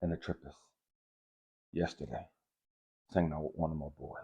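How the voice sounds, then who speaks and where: A spiritual vlogger speaks candidly and confessionally straight to his viewers in a casual monologue, swearing freely as he works through forgiveness. His voice rumbles low, creaky, dark and slightly rough, with fairly even intonation at a moderate pace, in a muffled recording.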